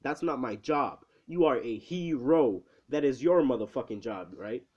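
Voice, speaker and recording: A man's voice: fairly low pitch, moderate pace, dark tone, slightly rough, highs cut off. A man doing a furious teen boy hero. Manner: profane, cussing out, emphatic. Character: hot-headed teen boy hero chewing out cowards.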